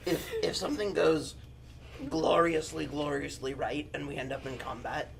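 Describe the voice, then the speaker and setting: Gravelly, grandiose tabletop player. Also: male voice, a little high, fairly even intonation, a crowd in the background. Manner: grandiose, halting. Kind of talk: tabletop game table talk.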